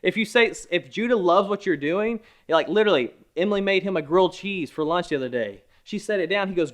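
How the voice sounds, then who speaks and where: A man in his thirties preaching a conversational sermon, with joking asides, who swings between hushed and emphatic. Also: high voice, brisk, hardly any pauses. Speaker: pastor. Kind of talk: online sermon.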